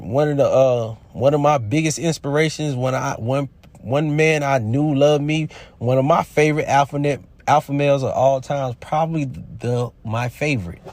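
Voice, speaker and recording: Man, casual commentator, preachy and emphatic, loud bursts then quiet asides. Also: medium pitch, no echo. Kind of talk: casual opinion monologue.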